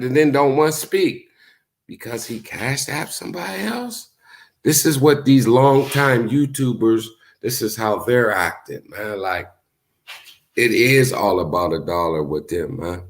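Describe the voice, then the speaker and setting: A YouTube streamer chats casually with his livestream viewers, telling stories in a loose, laid-back, profane way. He animatedly acts out what other people said, using high voices for the quotes.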